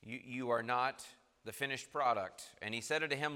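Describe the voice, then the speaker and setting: A male preacher with a bright, forceful voice, reading verses in old-fashioned wording and hammering home each point. His words ring out with a long reverb, as if he stands in a large hall. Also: mid-range voice, normal speed, smooth. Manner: emphatic, rising and falling for stress. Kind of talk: sermon reading scripture aloud.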